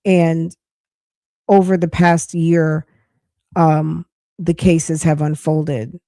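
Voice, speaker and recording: A woman hosts a chatty live podcast, her voice getting hoarse. Her tone is low and mellow, and she rambles and restarts as she talks. The sound is dry and close. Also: little pitch movement, drawn-out words, dry recording. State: losing her voice. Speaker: podcast host. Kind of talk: casual live-stream chat.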